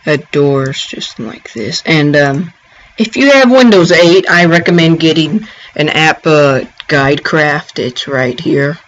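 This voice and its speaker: A man narrates a casual gameplay tutorial in a slightly higher voice. He rambles and stops short, filling gaps with ums and restarting his sentences. The recording is dull and lo-fi. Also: takes it slowly, fairly bright tone.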